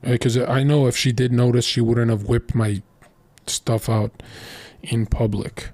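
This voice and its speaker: A man's voice: mid-range voice, steady tone, a little slow, darkish tone, dry recording. A young man telling crude stories in a blunt, boastful casual monologue as a streamer.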